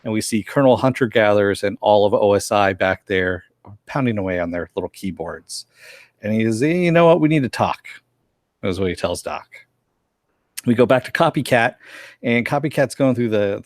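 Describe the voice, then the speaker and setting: A man with a fairly low voice talks through a cartoon episode scene by scene in a relaxed chat. He keeps slipping into quick impressions of the characters' lines. The sound is dry and close, with no room around it. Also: dry recording. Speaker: podcast co-host reviewing a cartoon episode. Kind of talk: casual recap chat.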